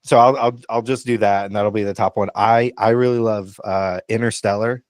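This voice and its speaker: Man, very low voice, middle-aged pastor, relaxed rambling chat, dry close sound. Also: normal speed, no room sound. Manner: relaxed, hesitant with frequent ums, laughs easily. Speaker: pastor and co-host. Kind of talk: casual podcast chat. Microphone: video call.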